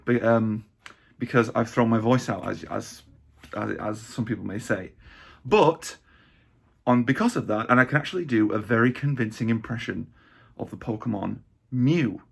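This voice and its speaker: A man with a hoarse, raspy voice, chatting casually in a gaming vlog and rambling with many fillers. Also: lowish voice, moderate pace. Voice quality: raspy, gravelly. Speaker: vlogger.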